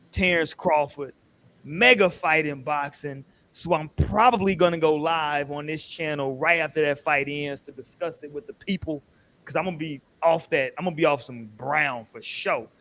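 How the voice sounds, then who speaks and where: A man's voice: fairly high pitch, a bit bright. Laid-back podcast host man. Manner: laid-back, laughing, slangy. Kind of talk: casual chat, show sign-off.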